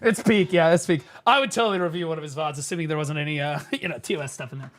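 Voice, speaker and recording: A man's voice: fairly high pitch, rapid-fire. A man streaming casual reaction commentary on game clips, laughing often and swearing freely as he tells stories. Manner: profane, laughing, animated storyteller.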